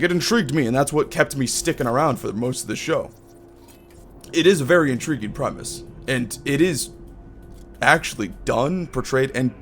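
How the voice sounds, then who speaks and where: A man streaming a game, talking in loose casual chat, rambling with frequent restarts and swearing. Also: medium pitch. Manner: rambling, profane, many restarts.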